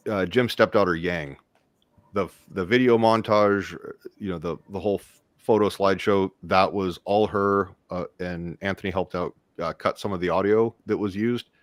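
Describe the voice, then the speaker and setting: Low-voiced man, stammering casual co-host. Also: unhurried, dry recording. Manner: stammering, friendly, repeats words. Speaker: show co-host. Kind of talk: casual chat.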